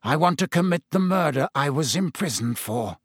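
A man's voice: a little high, animated, normal speed, dry recording, studio quality. A man voicing a savage, vengeful escaped male prisoner who growls and snarls. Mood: cold.

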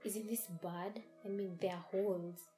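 A woman's voice: medium pitch, steady tone, normal speed, mellow, faint music behind, close to an everyday voice. A woman voicing a worried young man, the narrator's anxious boyfriend, asking hesitant questions in a horror story reading.

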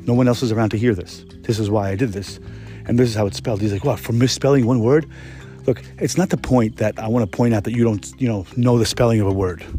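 A man's voice: on the low side, warm tone. A young man hosting a podcast, telling work stories in a rambling, profane, laid-back way. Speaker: podcast host, restaurant cook. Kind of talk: casual solo storytelling.

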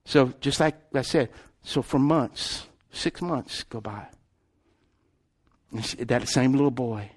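A man, preaching a sermon as pastor, emphatic, swinging from loud calls to hushed storytelling. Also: mid-range voice, slow pace, long pauses, husky.

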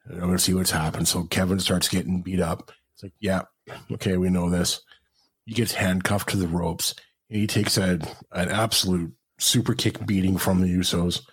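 Husky man retelling with gusto. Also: sits low, moderate pace. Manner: animated storytelling, acts out crowd reactions. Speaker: podcast co-host. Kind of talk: casual chat.

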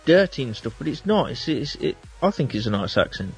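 A man's voice: medium pitch, very animated, a little fast, husky, faint music behind. A man from England co-hosting a casual radio chat, easygoing as he reads out a countdown. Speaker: radio co-host.

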